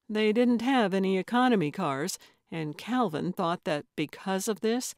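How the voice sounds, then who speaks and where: A woman narrating a cozy mystery audiobook in a slow, measured storytelling manner. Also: medium pitch, dry recording, clean studio sound. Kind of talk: scripted narration.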